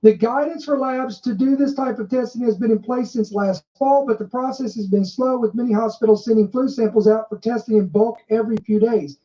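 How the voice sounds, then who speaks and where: A woman with a higher-pitched voice reads headlines aloud and breaks off to comment on them. She stresses and repeats key words for effect, and her tone is warm and mellow. The recording sounds dull and muffled. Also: fairly quick, hardly any pauses. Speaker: podcast host. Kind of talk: commentary reading news aloud.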